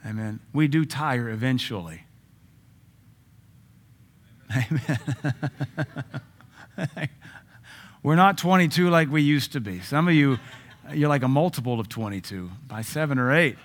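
A man's voice: medium pitch, lively intonation, normal speed, pauses often. A man preaching a sermon, cracking jokes and dropping frequent amens between punchy points. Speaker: pastor.

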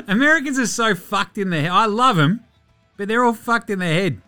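A man's voice: very high voice, wildly swooping pitch, a little slow, long pauses, pushed and bright, faint music behind. An Australian man hosting a casual sports news podcast, sarcastic and profane as he mocks the people he talks about. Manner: sarcastic, profane, mocking rants. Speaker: podcast host.

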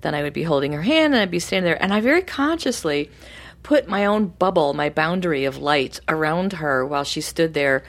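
A middle-aged woman co-hosting a podcast, telling a personal story in an animated, casual way. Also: deep voice, a little fast. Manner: animated, acts out voices in her stories. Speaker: podcast co-host.

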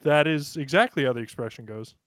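A man's voice: on the high side, fairly quick, a bit bright, no echo, studio quality. A man in casual chat among friends, rambling and poking fun at himself. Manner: rambling, self-mocking joker.

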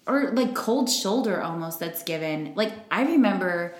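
A woman's voice: medium pitch, animated, normal speed. Chatty woman in a roomy echo. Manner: chatty storyteller, many fillers. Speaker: podcast co-host. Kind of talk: casual chat.

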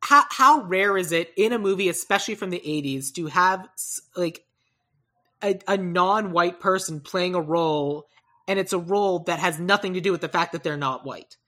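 A woman with a low voice and a bright, edged tone talks through her ideas in casual podcast chat. She rambles, corrects herself mid-sentence and drops into animated asides. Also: moderate pace. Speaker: podcast co-host. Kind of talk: casual chat about movie casting.

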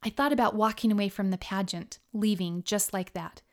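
A woman narrating her memoir as an audiobook, in a reflective, steady storytelling manner. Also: medium pitch, a little fast.

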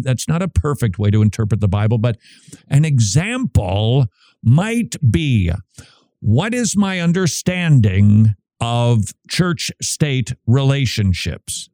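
A man's voice: mid-range voice, dark tone, no room sound. A man from Minnesota hosting a show, giving a casual Bible talk and asking and answering his own questions. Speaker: podcast host.

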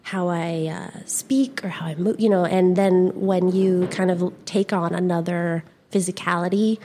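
A woman's voice: on the low side, fairly even intonation, a little slow, mellow, slight background noise. Young woman guest, chatty and giggly, loose rambling delivery. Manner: giggly, rambling, full of fillers. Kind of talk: casual conversation.

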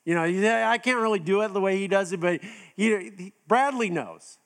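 A middle-aged man preaching a sermon in a conversational way, with many restarts, now and then acting out quoted voices. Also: moderate pace. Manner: acts out quoted voices with raised pitch. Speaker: pastor.

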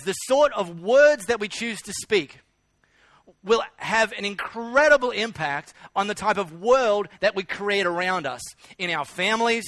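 Aussie pastor guy preaching, high bright voice, tells stories and hammers his catchphrase, dry close mic. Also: lively intonation, unhurried, no echo. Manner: storytelling, emphatic repetition. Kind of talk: sermon.

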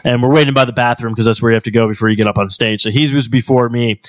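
A man hosting a casual podcast chat, telling stories with lively put-on voices for other people. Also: rapid-fire, no echo, muffled recording. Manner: animated storyteller, does shrill voices for others. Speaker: podcast host.

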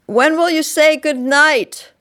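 A woman voicing a small frightened girl in a dark storybook tale. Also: sits high, takes it slowly, voice pushed up, heavily acted. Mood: plaintive.

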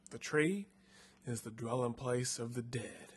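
A man voicing a frightened guide who warns of a haunted tree in a hushed, solemn tone, read from a storybook. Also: medium pitch, unhurried, slightly rough. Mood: fearful hush.

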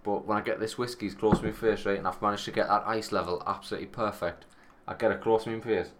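A man's voice: fairly low pitch, steady tone, fast, fairly bright tone. A man co-hosting a podcast in casual chat, rambling and swearing as he tells stories. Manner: rambling, storytelling, swears freely. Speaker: podcast co-host.

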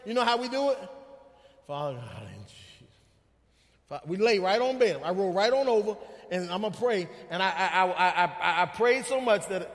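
High-voiced preacher in a reverberant hall. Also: male voice, fairly quick, few pauses. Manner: emphatic preaching with repetition and call-outs to the congregation. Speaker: pastor. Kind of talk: sermon. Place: church sanctuary. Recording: long reverb of a large hall.

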